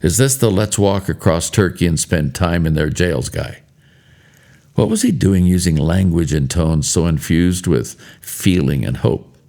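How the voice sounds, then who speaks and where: A man in later life giving a spoken devotional, telling stories in a measured, earnest way. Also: deep voice, vocal fry, warm tone. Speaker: devotional speaker.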